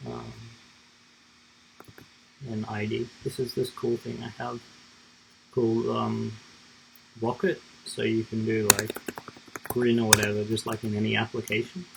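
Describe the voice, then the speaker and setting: A man's voice: lowish voice, level tone, a little slow, creaky, pauses often, background noise. A man streaming himself coding live, thinking aloud in a rambling, casual way with lots of fillers.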